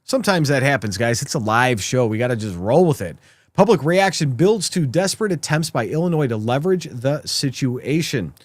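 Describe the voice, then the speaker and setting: A man's voice: mid-range voice, lively intonation, moderate pace, no room sound. A man hosting a live political commentary show, talking sarcastically and mockingly to his viewers.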